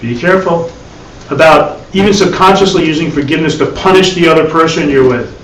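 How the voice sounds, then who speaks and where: Recorded through a distant mic in an echoey room with faint hiss, a meditation teacher gives a live dharma class talk. His voice is fairly high, fairly quick and a bit bright, and he speaks conversationally with repeated words and wry asides.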